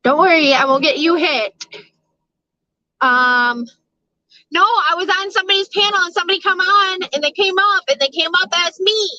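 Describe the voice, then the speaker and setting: High, bright-voiced woman, casual chat. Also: moderate pace, pauses often, a little hiss or hum. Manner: rambling, swears freely, laughs often. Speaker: streamer chatting with live viewers. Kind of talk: casual live-stream chat. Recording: dull, lo-fi sound.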